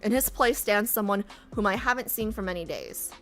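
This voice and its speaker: A woman's voice: medium pitch, fairly quick, a bit bright, soft background music. A woman streaming herself reading a game story aloud. She reacts in brash, profane, indignant outbursts.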